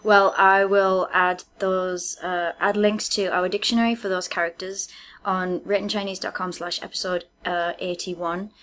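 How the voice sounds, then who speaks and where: A woman's voice: on the low side, level tone, normal speed, a bit bright. Chatty woman podcast host. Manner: chatty, laughs often, trails off and restarts. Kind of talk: casual chat.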